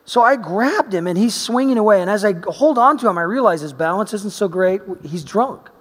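Male preacher, high-pitched, lively storyteller who shifts from loud to hushed; large echoing hall. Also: brisk. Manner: animated storyteller, swinging between loud emphasis and quiet asides. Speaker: pastor. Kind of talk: sermon with personal storytelling. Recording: long reverb of a large hall.

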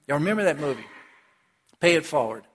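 A man's voice: on the high side, brisk, slight background noise. A man preaching a sermon, talking straight to the congregation and acting out the characters of a story. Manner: animated, acts out characters, addresses congregation directly. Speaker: pastor. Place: church. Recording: long hall reverb.

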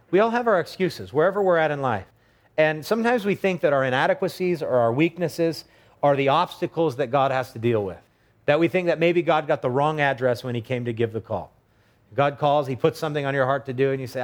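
A middle-aged man preaching a sermon in a relaxed, conversational way, acting out short quoted voices along the way. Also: fairly high pitch, fast. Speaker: pastor.

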